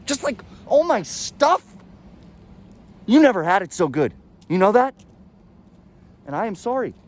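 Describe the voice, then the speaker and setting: An actor playing a hesitant then spiteful man who swears at his partner. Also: high voice. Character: resentful man turning cruel to partner. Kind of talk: dramatic monologue.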